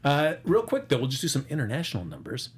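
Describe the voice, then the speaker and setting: A man's voice: mid-range voice, huge pitch swings, fast talker, slight background noise. A man hosting a casual box office chat, rambling through the figures with lots of fillers and jokes. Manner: rambling, filler-heavy, joking. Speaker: host.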